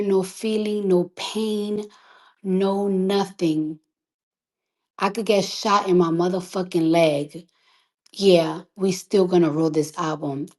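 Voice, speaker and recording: A woman in her thirties speaks with a fairly low voice. She delivers a fierce, emphatic monologue, swearing freely and repeating herself for force. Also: a little mellow, poor audio. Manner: defiant, emphatic, profane. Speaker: rapper. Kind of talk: impassioned monologue.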